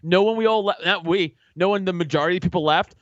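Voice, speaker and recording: Casual guest: New man, high lively voice, swears a lot, slightly dull dry recording. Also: fast talker, dry recording. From Staten Island, New York. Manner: profane, animated storytelling, laughs often. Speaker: podcast guest. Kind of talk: casual chat.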